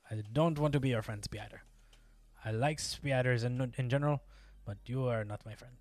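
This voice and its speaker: A man's voice: medium pitch, moderate pace, darkish tone, no room sound. A man casually chatting while streaming a game, rambling and breaking into yelps and exclamations as things happen in play. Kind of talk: casual gameplay chat.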